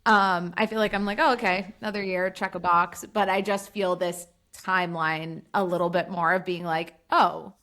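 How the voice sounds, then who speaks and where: A woman's voice: fairly low pitch, steady tone, normal speed, few pauses, a bit bright. A woman in her late twenties co-hosting a podcast, chatting casually in a chatty, self-mocking way. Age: 20s. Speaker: podcast co-host. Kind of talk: casual chat.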